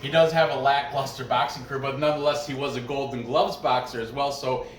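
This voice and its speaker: A man's voice: mid-range voice, fairly even intonation, fast talker, far from the mic. A man hosting a sports betting picks show, talking in a loose, rambling way with lots of restarts. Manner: loose, chatty, frequent restarts and asides. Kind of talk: casual rambling commentary. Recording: roomy echo, off-mic, faint music behind.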